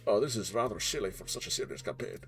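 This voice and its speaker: Over soft background music, a man streaming as game master chats casually before the session starts. His lowish, creaky voice is fast and expressive, and he rambles, mocks himself, jokes and swears freely.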